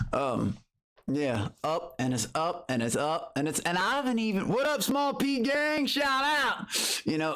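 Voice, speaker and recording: A man's voice: medium pitch, fairly bright tone. A man chatting casually on his livestream, boasting and taunting his critics while greeting viewers in chat.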